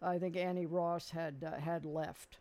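A man's voice: a little high, little pitch movement, measured pace, darkish tone. A man hosting a radio show, chatting casually with a caller and rambling through details with many fillers. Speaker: radio host. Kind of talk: casual on-air chat with a caller.

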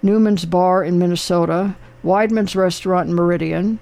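A man's voice: high voice, fairly even intonation, moderate pace, vocal fry, darkish tone. An older man hosting a casual talk show, rambling and chatty with lots of fillers. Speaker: radio host. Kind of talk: casual chat.

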